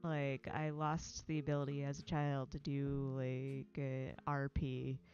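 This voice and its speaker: Low-voiced american woman rambling on her stream, swears a lot, laughs, faint music behind. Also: flat delivery, slow pace, darkish tone, lo-fi sound. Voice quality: swears freely, laughs often, chatty and self-deprecating. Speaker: livestream host. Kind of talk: casual rambling chat.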